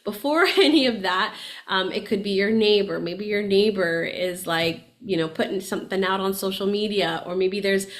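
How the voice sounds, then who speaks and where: A chatty woman coaching her listeners in a relaxed podcast talk. She is animated, laughs easily, and keeps checking in with "right?" at a middle pitch. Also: moderate pace. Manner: laughs often while talking. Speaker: podcast host and spiritual coach.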